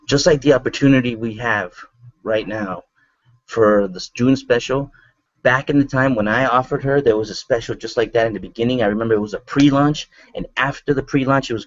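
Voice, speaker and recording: A man co-hosting an online marketing broadcast, telling a testimonial story in an animated, rambling way and jumping up in pitch when excited. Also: no room sound. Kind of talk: energetic motivational testimonial. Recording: dull lo-fi sound, dry.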